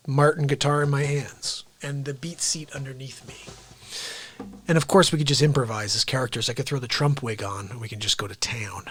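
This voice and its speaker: A man's voice: mid-range voice, no echo. A man hosting an unscripted livestream, rambling and joking and then griping when his tech won't work. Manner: rambling, jokey, frustrated with tech. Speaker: livestream host.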